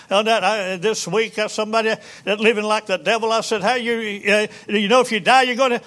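High, bright-voiced preacher man. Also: steady tone. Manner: folksy, halting, many fillers and restarts. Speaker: pastor. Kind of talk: sermon.

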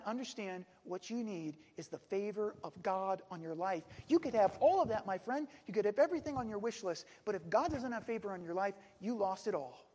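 A man preaching a sermon earnestly, dropping soft then pressing hard. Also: high-pitched, big-room sound. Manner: earnest, swings between soft and emphatic.

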